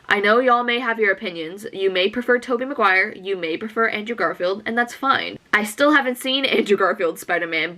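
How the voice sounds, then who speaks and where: Gushing young woman reacting to films. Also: medium pitch. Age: young adult. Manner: gushing, excitable, chatty. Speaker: movie reaction YouTuber. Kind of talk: film reaction commentary.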